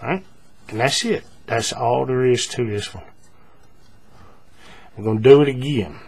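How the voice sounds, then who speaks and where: A man giving a relaxed, step-by-step paracord crafting tutorial, talking through each move with frequent fillers and repeats. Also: medium pitch, a little slow, vocal fry, slightly rough.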